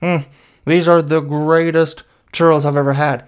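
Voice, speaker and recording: A man's voice: on the high side, flat delivery, moderate pace, clear, resonant tone, voice pushed up, lightly acted. A man voicing a kind, supportive male coworker who gushes with praise. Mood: gushing. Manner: gushing, over-enthusiastic praise.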